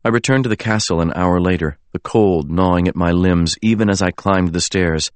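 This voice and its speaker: A man's voice: low-pitched, no echo. Man reading a novel aloud, dry and close. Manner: measured, earnest first-person telling. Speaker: narrator. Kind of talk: scripted audiobook narration.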